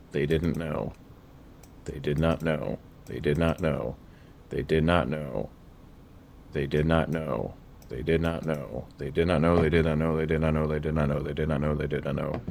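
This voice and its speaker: A man doing a Bible word study over his screen, dryly opinionated and slowing down to read verses aloud. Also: rumbling low, creaky, slight background noise. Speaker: Bible study video creator.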